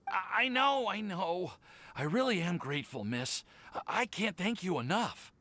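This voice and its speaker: A nervous, lovestruck young man from a game. He stammers and trips over his words whenever he is flustered. His pitch swings around a lot. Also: animated, normal speed, bright, forceful tone, no echo. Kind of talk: game voice acting.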